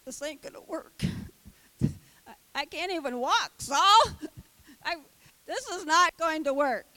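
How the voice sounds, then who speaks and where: A woman's voice: sits high, expressive, takes it slowly, pushed and bright, no echo, pitched above the performer's own voice, full character voice, low-quality recording. A woman voicing a cocky sixteen-year-old shepherd boy, complaining and laughing in exasperation. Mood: exasperated.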